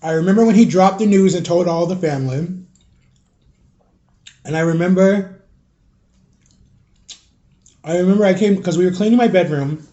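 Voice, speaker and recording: Mellow-voiced man chatting casually to his viewers. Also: high voice, normal speed, long pauses, highs cut off. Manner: rambling, filler-heavy, confiding. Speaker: vlogger. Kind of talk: casual storytelling vlog.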